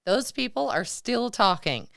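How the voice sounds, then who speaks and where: A woman's voice: fairly high pitch, sing-song, unhurried, vocal fry, fairly bright tone. A woman co-hosting a podcast interview, enthusiastic and emphatic in her reactions. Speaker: podcast co-host. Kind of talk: casual interview chat.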